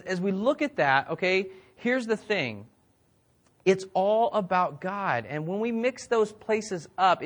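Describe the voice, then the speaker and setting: A man's voice: high-pitched, fairly bright tone. A male pastor preaching a sermon in a conversational way, often repeating words and asking the crowd questions.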